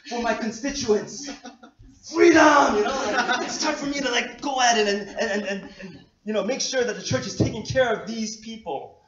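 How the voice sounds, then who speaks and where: A man from New York preaching a casual, animated sermon, self-deprecating and laughing often. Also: extremely high pitch, a little fast, crowd noise. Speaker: pastor. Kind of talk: conversational sermon. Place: church hall. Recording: echoey dull lo-fi hall recording.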